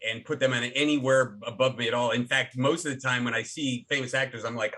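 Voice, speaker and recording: A middle-aged actor and filmmaker telling stories as a podcast guest, animated and full of restarts. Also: male voice, medium pitch, fast talker, few pauses. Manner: animated storyteller with many restarts. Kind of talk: casual interview talk.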